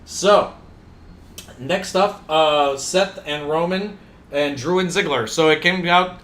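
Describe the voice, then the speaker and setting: A man's voice: fairly high pitch, takes it slowly, a bit bright. A man co-hosting a podcast, chatting casually and jokingly about a wrestling show, laughing often. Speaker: podcast co-host. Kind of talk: casual wrestling review chat.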